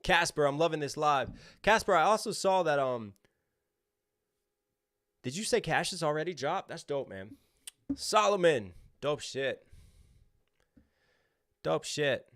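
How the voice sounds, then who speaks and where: A man's voice: fairly high pitch, animated, a little slow, long pauses, a bit bright. A young man hosting a livestream, chatting casually and reading out viewer names and donations. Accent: American.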